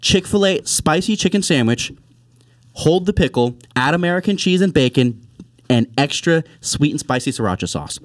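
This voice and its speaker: A man's voice: fairly high pitch, big pitch swings, normal speed, dry recording, clean studio sound. A man voicing a friendly British male tennis coach in a mock British accent that slips toward Australian. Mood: enthusiastic. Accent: mock British, slipping toward Australian.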